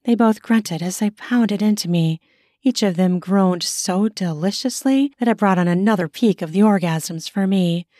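A woman's voice: mid-range voice, normal speed, mellow, no echo, clean studio sound. A woman podcast host and author narrating her own erotic story in first person.

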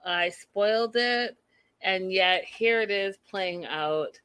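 Woman host, chatty and sassy, bright tense voice, slow unhurried delivery. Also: mid-range voice, clean tone, no room sound. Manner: chatty, sassy, talks to viewers. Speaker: reality TV recap host. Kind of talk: casual chat recapping an episode.

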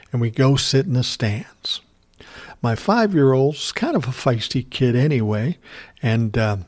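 A man's voice: medium pitch, a little mellow. A middle-aged man from Minnesota, ranting casually about sports rivals, blunt and profane with frequent chuckles.

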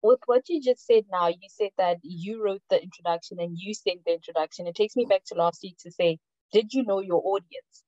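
A woman's voice: medium pitch, a little fast, dark tone, no room sound, highs cut off. A woman in a class asking the instructor a thoughtful question. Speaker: class participant.

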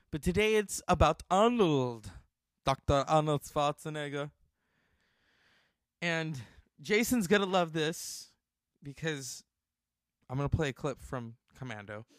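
A man hosting a casual talk show, animated and outspoken, swearing freely. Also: fairly high pitch, no room sound, clean studio sound. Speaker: host.

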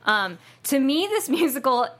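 Bright-voiced chatty American woman. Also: sits high, sing-song, measured pace. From United States. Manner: chatty, enthusiastic, many fillers and restarts. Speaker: podcast co-host. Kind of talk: casual chat.

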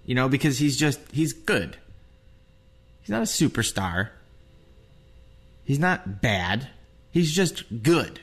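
A man's voice: medium pitch, sing-song, slow, pauses often, fairly bright tone, husky. A man co-hosting a casual sports podcast, wry and rambling, with many restarts. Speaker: podcast co-host.

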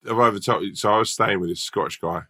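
A hungover male stand-up comedian from Britain, telling a sweary, animated anecdote in casual chat. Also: lowish voice, very fast.

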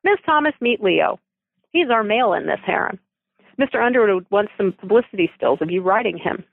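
A woman voicing a polite, calm male animal handler in a story reading. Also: medium pitch, a little fast, gravelly, dry recording. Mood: coaxing. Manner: calm, reassuring. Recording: phone line.

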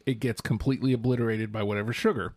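A man's voice: mid-range voice, steady tone, rapid-fire, darkish tone, no room sound. A man co-hosting a podcast in casual chat, thoughtful and hedging as he explains at length. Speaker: podcast co-host.

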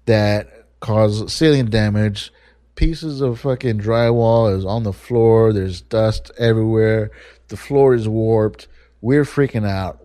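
Dark-voiced man telling a profane story. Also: on the low side, no echo, studio quality. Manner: profane, rambling, animated. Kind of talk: casual storytelling. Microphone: podcast microphone.

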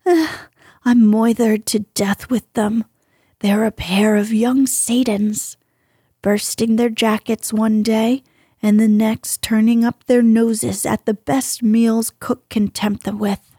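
Woman doing an indignant older housekeeper, exasperated complaining, slow, husky mellow voice. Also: fairly high pitch, little pitch movement, no echo, clean studio sound.

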